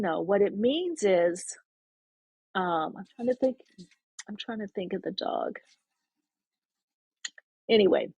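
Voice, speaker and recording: A woman's voice: medium pitch, breathy edge, no echo. A woman podcast host casually telling a spiritual story, rambling and often breaking off mid-sentence. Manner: rambling, self-interrupting, animated retelling.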